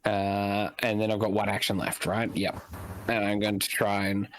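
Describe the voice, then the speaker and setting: A man's voice: fairly low pitch, completely flat delivery, normal speed, a little hiss or hum. A man playing in a tabletop game, chatting casually and making self-deprecating jokes about his turn. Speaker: player.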